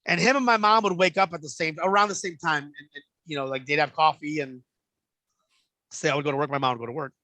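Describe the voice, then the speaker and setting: Talking fast on a loose, profane podcast, a male guest tells stories and slips into little voices for the characters. His tone is bright and forward, a bit higher than most men's, and the recording is dry and close with no room around it.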